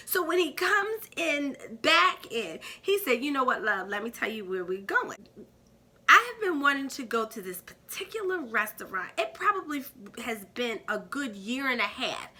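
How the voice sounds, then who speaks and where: A woman in her fifties telling a personal story to her viewers in a casual vlog, animated and laughing often as she talks straight to the audience. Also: high-pitched. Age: 50s. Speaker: vlogger.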